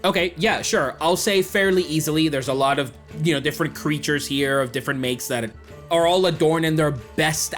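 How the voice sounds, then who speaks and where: A man's voice: a little high, fairly bright tone. A man narrating a tabletop game as game master, describing scenes with lots of fillers.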